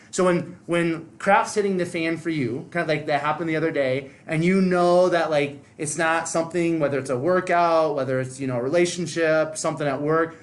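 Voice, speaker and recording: A man hosts a podcast interview with a voice a little higher than usual for a man. His questions wander and circle back, full of fillers and restarts, and he murmurs agreement while his guest talks. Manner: rambling questions with many fillers and backchannels. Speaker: podcast host. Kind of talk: casual interview.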